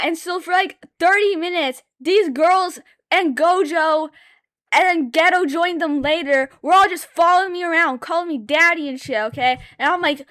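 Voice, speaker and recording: A woman's voice: very high voice, moderate pace, fairly bright tone, no room sound, studio quality. A young woman streamer chatting casually while she draws, swearing often and rambling through stories with lots of filler words. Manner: laughs between sentences. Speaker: streamer drawing live. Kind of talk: casual chat.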